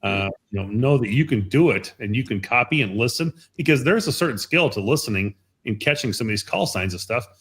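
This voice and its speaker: A man's voice: mid-range voice, lively intonation, fairly bright tone, husky. A middle-aged man chatting casually on a live stream about an amateur radio event, with many fillers and restarts. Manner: halting, many fillers and repeated words.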